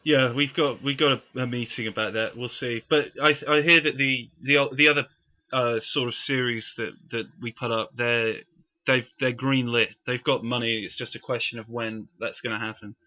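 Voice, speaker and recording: A man co-hosting a casual podcast, speaking haltingly with wry humour. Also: medium pitch, fairly even intonation, lo-fi sound. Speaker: podcast co-host. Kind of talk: casual chat.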